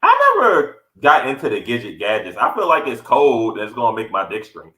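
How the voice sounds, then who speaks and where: In an echoey room, a podcast co-host with a medium-pitched voice talks a little fast, telling a story in casual chat. He's animated and acts out the quotes in a raised voice.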